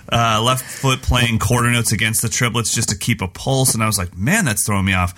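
A man's voice: medium pitch, moderate pace, sharp tone. A middle-aged man co-hosting a podcast, joking around and scatting drum patterns aloud. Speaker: podcast co-host. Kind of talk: casual chat.

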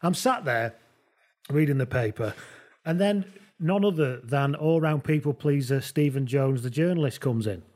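A man, a podcast co-host telling a comic story in a deadpan way. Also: medium pitch, normal speed. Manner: deadpan anecdote with funny voices.

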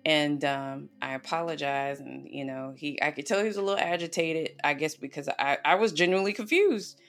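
A woman's voice: deep voice, brisk, faint music behind. A woman on a podcast telling a personal story in an earnest, emotional way, with lots of "you know" and "like". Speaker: podcast guest.

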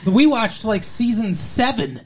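A man hosts a casual podcast chat in a high, very animated voice, speaking unhurriedly. He rambles, trails off and corrects himself as he goes.

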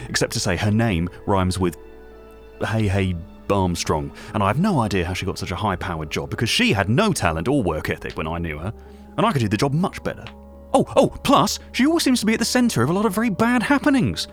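An actor playing a gossipy, self-regarding British local radio host with a British accent, rambling from one aside to the next in a comedy radio monologue. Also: male voice, lowish voice, big pitch swings, a little fast, soft background music.

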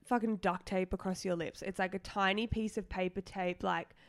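Young woman cohosting a podcast, rambly and chatty, swears a lot, middle-pitched voice. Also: fairly even intonation, normal speed, no room sound. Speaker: podcast co-host. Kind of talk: casual chat.

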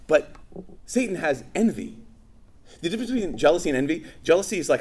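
A man preaching a sermon, telling stories and acting out quoted voices with animated energy. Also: on the high side, fast talker, pauses often, slight background noise.

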